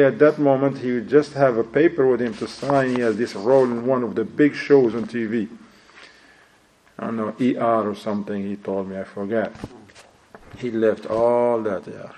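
A man giving an informal sermon, telling a story in an animated way, acting out the people in it and mixing in phrases. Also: mid-range voice, slight background noise, low-quality recording. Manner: animated storyteller, acts out quotes, sprinkles Arabic phrases. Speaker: Islamic preacher.

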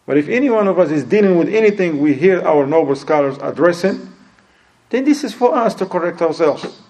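A man's voice: fairly high pitch, expressive, brisk, a little mellow, poor audio. A man giving a sermon who acts out quoted people and mixes in Arabic phrases. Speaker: preacher.

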